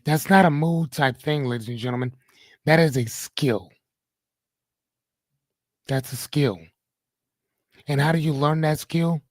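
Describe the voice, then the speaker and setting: A man's voice: on the high side, unhurried, long pauses, no room sound. Blunt, preachy man hosting a live podcast. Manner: preachy, blunt, addresses audience directly, swears casually. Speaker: podcast host. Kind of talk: live motivational podcast talk.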